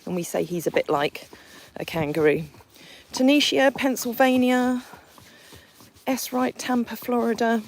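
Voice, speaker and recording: An Englishwoman who owns a horse sanctuary hosts a livestream while riding a horse along a country lane, chatting casually as she reads out where her viewers are from. Her voice is fairly high and her pace measured, though the audio quality is poor.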